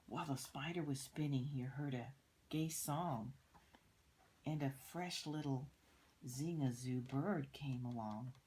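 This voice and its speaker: Slow-reading grandma with a low voice. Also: female voice, mellow, slight background noise, poor audio. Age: older. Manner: pauses to point out pictures. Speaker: storyteller. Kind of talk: reading a picture book aloud to children.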